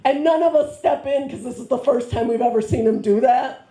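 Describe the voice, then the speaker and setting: Speaking brisk and mellow in a high-pitched voice, a woman works through a stand-up routine at a comedy club with a handheld mic. She rambles, uses fillers, and pokes fun at herself, all captured with a roomy club sound.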